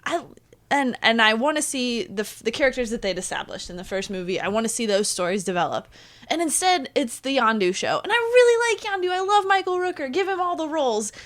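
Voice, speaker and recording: A woman's voice: high voice, very animated, a little fast, fairly bright tone. A woman in casual podcast chat, arguing her points in an opinionated, emphatic way. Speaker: podcast guest.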